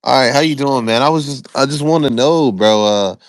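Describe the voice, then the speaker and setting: A man's voice: medium pitch, no echo. Eager, rambling male caller from Florida. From Florida, USA. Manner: eager, talks in quick rambling bursts. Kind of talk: casual call-in chat.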